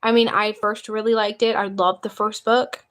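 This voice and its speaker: A woman's voice: medium pitch, flat delivery, normal speed, a bit bright. Chatty young woman livestreaming on her phone. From United States. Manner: chatty, eager, reads out chat questions. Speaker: livestream host. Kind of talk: casual livestream chat.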